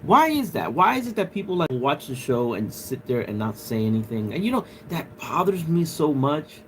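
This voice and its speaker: A man's voice: fairly high pitch, big pitch swings, moderate pace, a little hiss or hum. A man on a live stream, rambling loosely to his viewers with plenty of filler and swearing. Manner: rambling, talks straight to viewers in chat; loose and profane, lots of filler. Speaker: livestreamer. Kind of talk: casual livestream chat.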